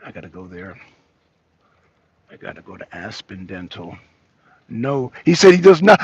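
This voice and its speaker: A man's voice: medium pitch, big pitch swings, normal speed, pauses often, a little mellow, slightly rough, no room sound. A man hosting a talk show in a casual live debate, mocking his guest and repeating himself for emphasis, heard over dull lo-fi stream audio.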